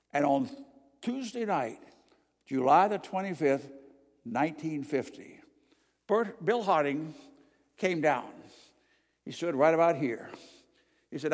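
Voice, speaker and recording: An older male preacher tells his story to a congregation with a somewhat high voice. He shifts from loud cries to hushed prayer. His voice rings with long reverb in a big church hall. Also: creaky. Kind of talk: evening sermon with personal testimony. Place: church sanctuary before a congregation.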